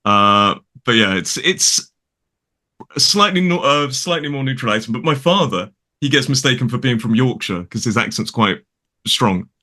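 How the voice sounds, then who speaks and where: A talkative man with a mild Derbyshire accent rambles cheerfully through a casual chat. His voice is bright and forward, and he speaks over a video call. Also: medium pitch, moderate pace. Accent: mild Derbyshire English. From Derbyshire, England. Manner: chatty, rambling, animated. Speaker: guest English teacher. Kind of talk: casual conversation.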